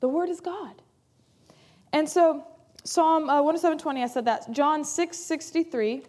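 A woman's voice: high voice, moderate pace, a little mellow. A woman pastor preaching a sermon in an earnest, emphatic way, repeating key phrases for weight.

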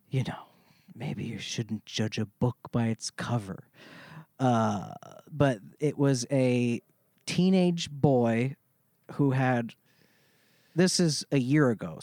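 A man's voice: mid-range voice, darkish tone, dry recording, studio quality. Rambling, laughing man telling a story. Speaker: podcast co-host. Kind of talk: casual chat.

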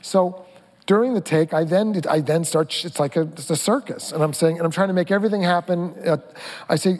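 A man's voice: fairly high pitch, brisk. Talkative man on a reverberant stage. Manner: rambling, animated storytelling with many restarts. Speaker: film director, panel guest. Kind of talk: onstage conversation. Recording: hall reverb from a stage talk.

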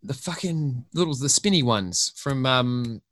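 A man's voice: mid-range voice, animated, a little slow, fairly bright tone, no room sound. An Australian man, a podcast guest, rambling through a story in casual chat and swearing freely.

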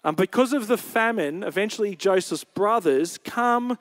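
High-voiced male pastor preaching. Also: expressive, normal speed, a bit bright. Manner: conversational storytelling, retelling scripture in his own words. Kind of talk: sermon. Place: church service.

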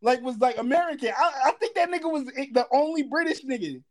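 A co-host in a casual chat, animated and teasing, quick to laugh. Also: sits high.

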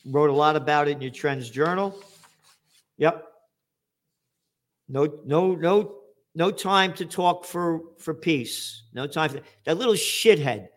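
Guy ranting angry, cursing a lot, kinda high voice, slow drawn-out talk. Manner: profane, shouting outbursts, sarcastic jabs. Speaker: commentator. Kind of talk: angry political rant.

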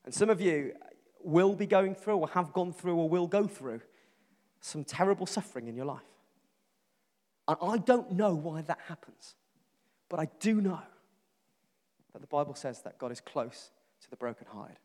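A man's voice: a little high, lively intonation, moderate pace, long pauses, warm tone. A middle-aged man preaching a sermon, earnest and emphatic, building lists and repeating phrases. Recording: long reverb from a large hall.

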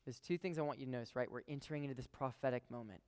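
A man's voice: mid-range voice, racing, darkish tone, smooth, long reverb tail. A man preaching a sermon in a casual, emphatic way, talking straight to his listeners and repeating phrases for stress.

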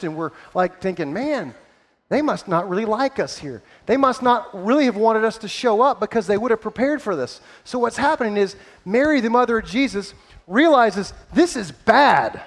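Man with a very high voice, brisk and playful pastor type, running a hands-on story time with volunteers on stage. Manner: playful and energetic, coaching volunteers. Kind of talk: interactive Bible story with volunteers. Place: stage before a live audience.

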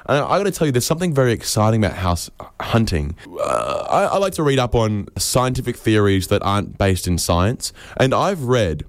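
Deadpan comic man with a low voice. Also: dry recording. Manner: deadpan absurd, acts out quoted voices. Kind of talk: comedic monologue.

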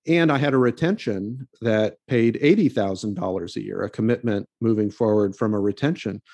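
A man's voice: lowish voice, moderate pace, dark tone, no echo. A man co-hosting a podcast, speaking as a professor in an easygoing, conversational way with frequent fillers and restarts. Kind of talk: casual podcast chat.

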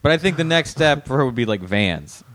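A man co-hosting a podcast in relaxed, easygoing chat, laughing often and trailing off mid-thought. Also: medium pitch, fairly quick, no echo. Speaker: podcast co-host. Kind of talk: casual chat.

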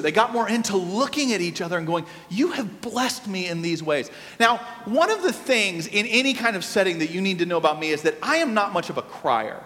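A male pastor preaching a sermon, telling a personal story in an animated, conversational way with asides to the congregation. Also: high-pitched. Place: church sanctuary. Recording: long reverb of a church hall.

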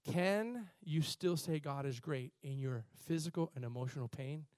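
A man preaching a sermon as pastor, building from quiet, halting passages to loud, impassioned peaks. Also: fairly high pitch, smooth, no room sound, clean studio sound.

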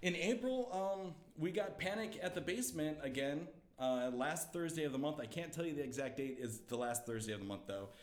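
A young man telling a story as a guest, lively and laughing, acting out the quotes. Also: a little high, a little fast, hardly any pauses, echoey room. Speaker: comedian guest. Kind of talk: animated storytelling.

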